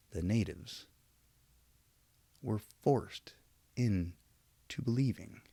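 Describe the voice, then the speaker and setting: A man with a fairly low voice delivers a rambling opinion monologue straight to camera. He is preachy but self-aware, trailing off into wry asides. The sound is dry and close, with no room echo. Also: mellow. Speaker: vlogger.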